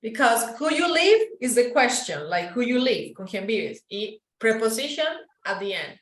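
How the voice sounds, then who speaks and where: A woman from Colombia with a Paisa Spanish accent, teaching an English class and modelling sounds slowly, slipping into Spanish to explain. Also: fairly high pitch, sing-song, echoey room, low-quality recording.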